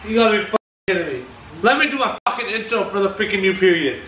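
Shouting, hyped hockey fan man. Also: high-pitched, expressive, fast, echoey room, muffled recording, slight background noise. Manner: shouting, swearing, hyped cheering. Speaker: hockey fan reacting to a game. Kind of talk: excited live game reaction.

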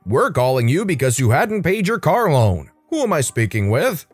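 A man's voice: on the high side, big pitch swings, moderate pace, breathy edge, no echo, soft background music. A man voicing a male debt-collector phone operator who keeps repeating the same polite lines. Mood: dogged. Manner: repetitive, scripted phone politeness.

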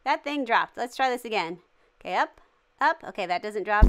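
A woman's voice: mid-range voice, normal speed, fairly bright tone, clean tone. A woman hosting a gaming channel, giving cheery, jokey and dramatic running commentary as she plays. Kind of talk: playful game commentary.

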